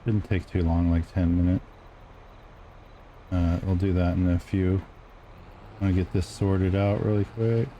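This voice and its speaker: A man's voice: deep voice, flat delivery, unhurried, pauses often, dark tone, highs cut off, slight background noise. A man streaming a farming game, talking casually with many ums and uhs as he plays. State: clearing throat, dusty room. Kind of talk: casual gameplay commentary.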